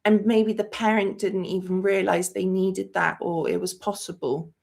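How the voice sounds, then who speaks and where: A woman's voice: medium pitch, steady tone, normal speed, gravelly, darkish tone. A woman hosting a movie channel in a live-stream chat, talking emotionally and rambling with many fillers. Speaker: host of a movie review channel.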